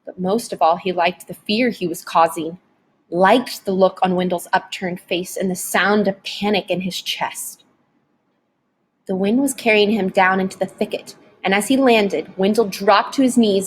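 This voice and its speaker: A woman narrating a novel chapter aloud in a dramatic, expressive audiobook reading. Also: medium pitch, breathy edge. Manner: dramatic, varied storytelling delivery.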